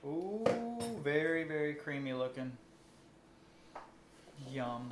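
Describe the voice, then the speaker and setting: A man's voice: a little high, steady tone, moderate pace. A man co-hosting a home cooking video, chatting casually and thinking aloud as he tastes. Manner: easygoing, thinking aloud while tasting. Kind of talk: casual kitchen chat. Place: home kitchen. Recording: echoey kitchen with loud background noise.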